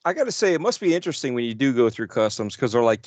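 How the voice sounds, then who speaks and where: A man guesting on a gaming chat show, teasing the others with deadpan jokes. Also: medium pitch, very fast, no room sound. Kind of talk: casual chat.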